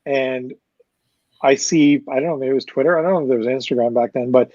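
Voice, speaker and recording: A man who works as a concert promoter, telling a loose, fast, profane backstage story as a guest. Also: medium pitch, a little mellow, dry recording, dull audio. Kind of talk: casual storytelling.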